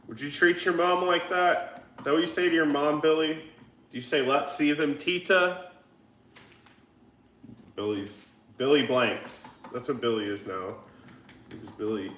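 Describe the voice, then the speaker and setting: A man's voice: mid-range voice, fairly even intonation, moderate pace, fairly bright tone, a little hiss or hum. A man hosting a livestream, chatting casually and reading viewer comments in a laid-back, joking and profane way. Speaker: livestream host. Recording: echoey room.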